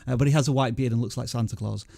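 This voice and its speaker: A man's voice: medium pitch, steady tone, rapid-fire, gravelly, warm tone, no room sound. Guy hosting a live channel review, jokey and self-mocking, dead dry mic. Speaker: livestream host. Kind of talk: casual panel chat reviewing channels.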